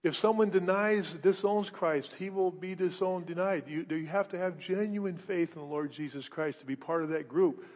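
In a long-echoing church hall, a fairly high-voiced male pastor preaches a sermon at a moderate pace with few pauses, though the recording sounds dull and muffled. Repeated words and rhetorical questions drive his message as he moves from booming proclamations to soft, personal asides.

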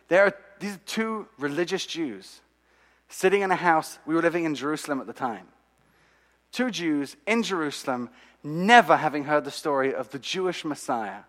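A man telling his own faith story to an audience, animated and dramatic, with asides to the listeners. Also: fairly high pitch. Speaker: speaker giving a testimony. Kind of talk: sermon-style storytelling. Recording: long hall reverb.

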